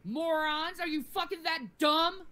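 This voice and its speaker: An enraged woman livestreamer furiously yelling and swearing nonstop at her chat viewers. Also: very high voice, flat delivery, measured pace.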